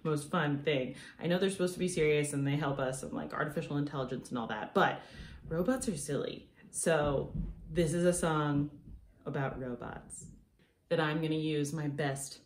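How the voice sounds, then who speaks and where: A young woman leads a playful music lesson for kids, counting the beat aloud and cheering them on. Her voice sits on the low side. The recording has the echo of a bare room at home and a faint hiss underneath. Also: normal speed. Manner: upbeat, encouraging, counts beats aloud. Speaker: music teacher.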